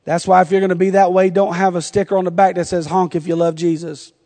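A middle-aged man with a North Carolina Southern accent preaches with a high voice, telling funny stories and laughing often. His sermon rings out with a long reverb, as in a large hall. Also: level tone, fast, dark tone. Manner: humorous storytelling with frequent laughter. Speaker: pastor.

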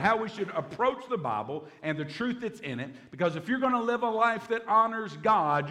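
A man's voice: fairly high pitch, a bit bright. A man, a pastor preaching a Bible-teaching sermon in a folksy way, with humorous asides.

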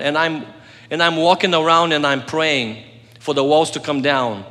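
Bright-voiced man preaching in a reverberant hall. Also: a little high, steady tone, normal speed. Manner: earnest storytelling, swings between loud and soft. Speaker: pastor. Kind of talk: sermon.

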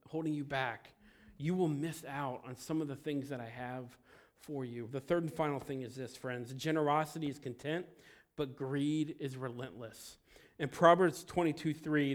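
A man preaching a sermon who speaks with emphatic stresses and lets phrase endings fall quiet. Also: medium pitch. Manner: emphatic, swings between loud stresses and quiet trailing endings; acts out quoted voices in a story. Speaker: pastor.

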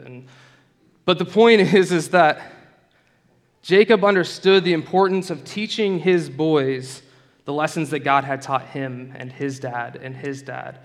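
A man preaching a sermon in a relaxed, conversational storytelling way, with casual asides to the room. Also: fairly high pitch, a little slow, big-room sound.

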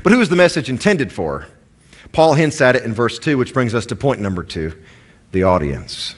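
A man's voice: medium pitch, sing-song, normal speed. A man with a Southern American accent preaching a sermon in a conversational way, with asides and stories. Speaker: pastor.

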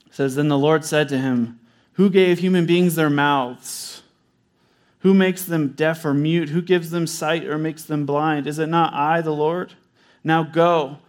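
A man preaching a sermon, animated, acting out God and Moses in quoted voices. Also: a little high. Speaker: pastor.

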